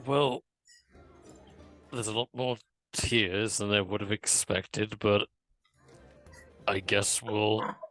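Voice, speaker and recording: A man at a tabletop game, speaking in character with a lowish voice. His remarks are dry and wry, and he sometimes speeds up through them. Soft music plays behind him. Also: steady tone, slow pace, long pauses, low-quality recording. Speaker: player.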